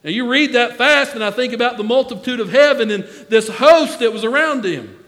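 A man's voice: very high voice, animated, a little fast, a bit bright, long reverb tail. A man preaching a sermon in a folksy way, calling out to members of the congregation by name.

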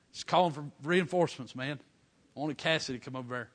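Fervent preacher man. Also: a little high. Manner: fervent, building to loud praise shouts; folksy dialect, drawn-out emphasis. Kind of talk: storytelling sermon.

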